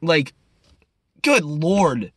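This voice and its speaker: A young man in his twenties ranting casually to camera, profane and rambling, swinging between loud outbursts and low mutters. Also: big pitch swings, extremely slow, slightly rough. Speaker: vlogger.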